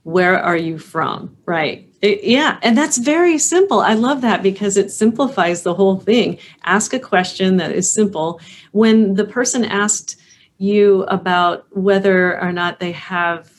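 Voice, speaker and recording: A woman's voice: mid-range voice, unhurried. A woman hosts the conversation with a mid-range voice. She asks careful, probing questions and reflects on the answers. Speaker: interview host. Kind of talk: conversational interview.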